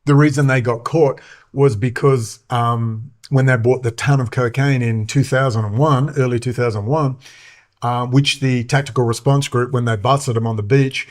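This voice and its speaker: A middle-aged man delivering a loose, rambling monologue as a show host. His voice sits in an ordinary middle pitch. He talks heatedly, swears often and fills gaps with ums and uhs. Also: steady tone, moderate pace. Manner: profane, heated, many fillers.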